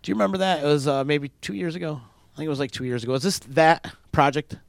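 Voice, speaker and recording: A man's voice: a little high, quick pace, vocal fry, dry recording, clean studio sound. A man hosting a casual live-streamed chat with a band. He jokes, teases his guest, laughs often and reads out comments from viewers. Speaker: host of a live-streamed music talk show.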